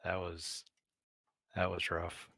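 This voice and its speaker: A man's voice: deep voice, completely flat delivery, slow pace, creaky, sharp tone, no echo. A man playing in a tabletop game, questioning and arguing positions in a wry way. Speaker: player.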